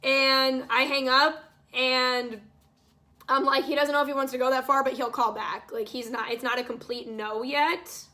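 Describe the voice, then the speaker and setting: A woman's voice: high voice, fairly even intonation, normal speed, bright, forceful tone. A young woman vlogger telling a story in casual talk, exasperated and swearing freely, acting out what people said. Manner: exasperated, swears freely, acts out quoted lines. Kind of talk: casual storytime while painting.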